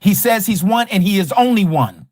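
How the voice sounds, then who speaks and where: A man leads a livestreamed scripture study in an emphatic, rhetorical way. He hammers his points with repeated questions, and his pitch swings widely. The sound is dry and close, with no room around it. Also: animated, normal speed, darkish tone, no echo. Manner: combative toward a rival teacher. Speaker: Bible study teacher.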